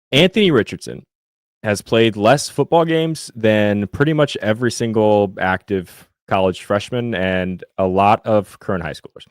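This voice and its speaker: Podcast co-host, young man from Indiana, low pitch, dry close sound, loose chatty delivery full of fillers and restarts. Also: dry recording. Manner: rambling, many fillers and restarts. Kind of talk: casual sports chat with live chat.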